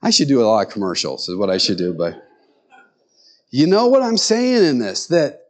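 A middle-aged male pastor giving a conversational sermon, telling stories with animated quoted voices. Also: mid-range voice, normal speed.

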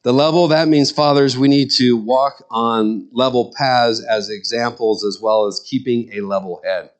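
A man's voice: medium pitch, fairly even intonation, moderate pace. A middle-aged man, a pastor, preaching a sermon in an earnest, conversational way with personal stories.

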